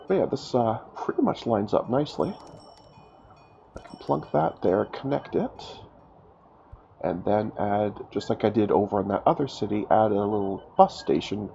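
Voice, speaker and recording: A stuffed-up man with a low, gravelly voice talks his way through a game, his pitch jumping lively. He thinks aloud and jokes about his own choices. The mic sounds dull and lo-fi, with a faint hiss. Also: unhurried. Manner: chatty, self-mocking, thinking aloud. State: stuffed up from a cold. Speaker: gaming YouTuber. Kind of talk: casual let's-play commentary.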